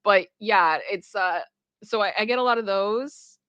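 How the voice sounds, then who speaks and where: A woman hosting casual reaction commentary, chatty and expressive and quick to laugh. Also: mid-range voice, no room sound, dull audio. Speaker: pop culture reaction host.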